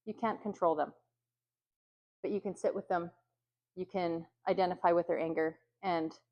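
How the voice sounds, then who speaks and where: A woman leading a training session for youth workers, talking conversationally with many ums and acting out example phrases. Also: medium pitch. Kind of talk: training talk.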